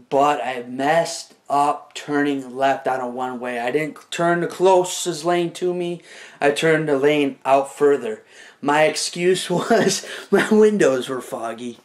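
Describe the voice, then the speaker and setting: A young man telling a rambling, casual comic story to the camera, full of "like" and "you know" as he acts out moves. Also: fairly high pitch.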